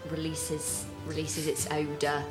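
Giggly, low-voiced female player. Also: monotone, over music. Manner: giggly, halting. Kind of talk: casual tabletop play.

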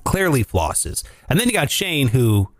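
A man hosting a comedy podcast, telling odd news stories in a joking, animated way and often laughing. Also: medium pitch, measured pace. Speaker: podcast host. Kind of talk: casual comedic news chat.

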